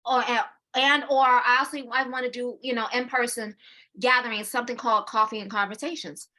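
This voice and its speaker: A woman in her forties co-hosting a casual chat, animated, laughing often and repeating herself as she talks. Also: on the high side, brisk. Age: 40s. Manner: slips into quoting her own inner voice. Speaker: co-host.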